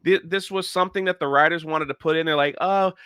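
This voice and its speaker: A man's voice: a little high, steady tone, quick pace, bright, forceful tone, smooth, no room sound, clean studio sound. A man hosting a casual review chat, dismissive and critical as he recaps the plot. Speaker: show host.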